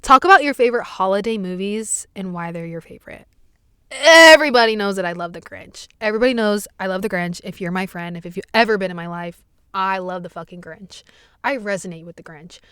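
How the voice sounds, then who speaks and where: A young woman hosting a podcast, telling stories in casual chat, animated, swearing often and breaking into loud exclamations. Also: medium pitch, brisk, smooth, no room sound, clean studio sound. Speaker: podcast host.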